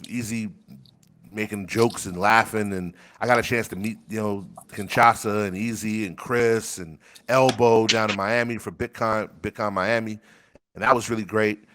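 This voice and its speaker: A man's voice: fairly low pitch, a bit bright. A man rambling in casual chat on a desk microphone, crude and laughing often, telling stories about his rap community. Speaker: rapper and community member.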